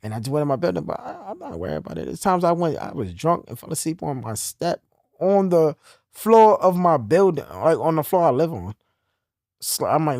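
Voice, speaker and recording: Young new guy telling a story, pitch all over the place, dry close sound. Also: a little fast, dry recording. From New York. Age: young adult. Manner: animated storytelling, swings from low and quiet to loud. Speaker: podcast guest telling his story. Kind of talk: casual conversation.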